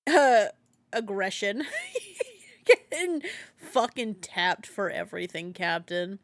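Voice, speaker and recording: A tired woman livestreaming a game, crude and giggly, tossing swear-laden jokes to her chat. Her pitch swings widely while she talks at an unhurried pace. The close desk mic sounds dry. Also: big pitch swings, no echo. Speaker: streamer. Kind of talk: casual gaming livestream commentary.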